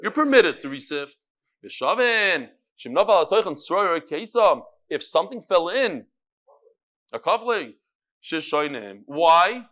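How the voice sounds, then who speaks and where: Guy teaching talmud, high bright voice, jokey and quick, chatty class vibe. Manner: lively, joking asides mixed with fast Talmud reading.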